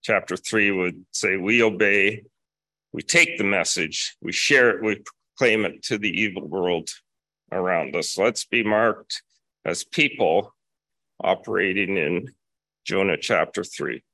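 A man delivers a sermon in a lowish, forceful voice, steady and deliberate, returning again and again to his key phrases. The sound is close and dry, with no room around it. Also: dry recording. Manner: measured, repeats key phrases for emphasis. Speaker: preacher.

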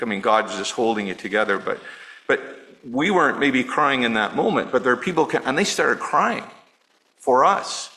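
Earnest bright-voiced man preaching. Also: mid-range voice, rough recording. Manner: earnest, personal, softening to near-hush on grief. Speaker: pastor. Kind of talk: sermon.

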